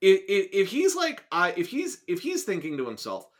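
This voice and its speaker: A man co-hosting a casual podcast chat, animated and sarcastic, laughing and restarting his sentences as he reacts to a story he reads aloud. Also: high-pitched, normal speed.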